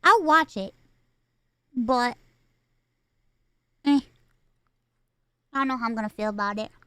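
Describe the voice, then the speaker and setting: Bright, high-voiced woman streamer, swearing. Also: unhurried, clean tone, no echo. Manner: animated, swears freely, mocking exaggerated asides. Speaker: streamer reacting to a film. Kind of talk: casual livestream chat.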